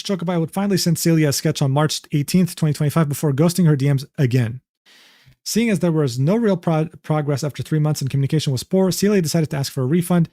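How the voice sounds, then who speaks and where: A young man in his twenties reacting on a stream, with a slightly high voice and a loose, foul-mouthed way of talking. He keeps tossing in "bro" and "dude" as he comments. The sound is dry and close, with no room echo. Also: mellow. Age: 20s. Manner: loose and profane, drawn-out "bro" asides.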